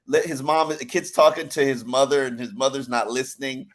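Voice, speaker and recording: A man's voice: medium pitch, a little fast. A man on a sports podcast ranting in an exasperated way, repeating words as he gets worked up. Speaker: podcast columnist. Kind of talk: heated sports podcast rant.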